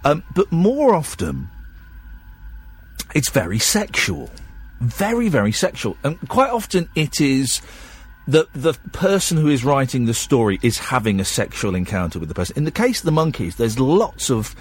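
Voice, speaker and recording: A man's voice: medium pitch, big pitch swings, moderate pace, slightly rough. A tired man, hosting a late-night radio show in a rambling, chatty, self-deprecating way.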